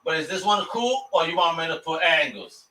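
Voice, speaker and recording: A man's voice: fairly high pitch, expressive, a little fast, bright, forceful tone, low-quality recording. A man hosting a casual interview, upbeat and joking, often laughing. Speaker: podcast host.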